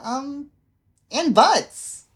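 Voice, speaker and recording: A woman's voice: sits high, expressive, extremely slow, a bit bright. A woman co-hosting a podcast, chatting casually and tossing in blunt, crude quips. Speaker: podcast co-host.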